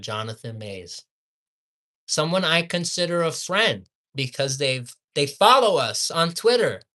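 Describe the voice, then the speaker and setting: A man delivers a fast food commentary as a swearing-heavy rant, lurching between heated shouts and low mutters.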